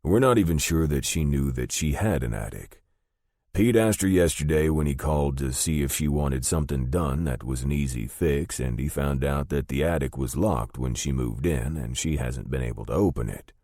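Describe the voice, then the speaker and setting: A man's voice: extremely low pitch, normal speed, a little mellow, no echo, studio quality. A man playing a blunt, matter-of-fact father. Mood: serious. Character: blunt older father on the phone.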